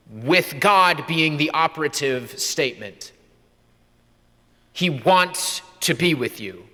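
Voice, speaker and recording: A man's voice: a little high, bright, forceful tone. A young male priest preaching a conversational homily, acting out remembered dialogue. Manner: conversational, acts out quoted dialogue. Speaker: pastor. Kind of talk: sermon. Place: church. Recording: long church reverb.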